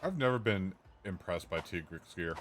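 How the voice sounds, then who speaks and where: A man streaming a game with friends, chatting casually in an excitable, joking way. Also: deep voice, moderate pace, noisy background. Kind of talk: casual gaming chat.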